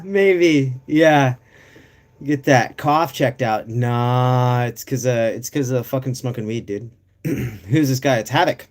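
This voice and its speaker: A man's voice: medium pitch, measured pace. Profane rambling male streamer. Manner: profane, rambling, reads chat aloud. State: coughing. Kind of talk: casual live-stream chat.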